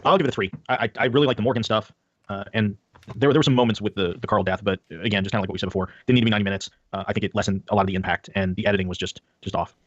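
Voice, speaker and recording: A man's voice: fairly low pitch, rapid-fire, dry recording. A man on a podcast panel, stammering and trailing off as he chats casually. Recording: muffled lo-fi recording.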